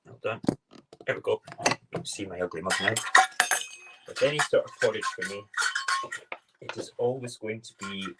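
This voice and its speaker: A man's voice: on the low side, normal speed, long pauses, heavy background noise. A man hosting a casual morning live stream from his home kitchen on his phone, talking in a chatty, rambling, playful way.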